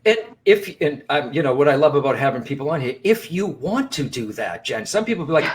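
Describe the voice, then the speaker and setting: A man's voice: fairly high pitch, big pitch swings, brisk, hardly any pauses. A man co-hosting a live broadcast as a psychic medium, speaking earnestly and reassuringly straight to his viewers, often restarting and repeating phrases.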